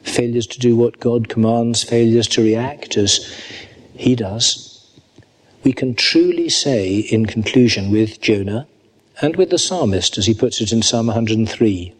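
A man preaching a sermon at a church service, earnest and reading scripture slowly and deliberately. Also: mid-range voice.

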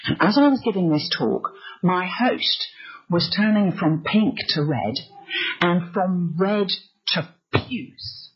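A woman's voice: lowish voice, lively intonation, slow pace, husky. A woman preacher telling a personal story in an earnest sermon style. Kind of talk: sermon testimony. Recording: slightly muffled recording.

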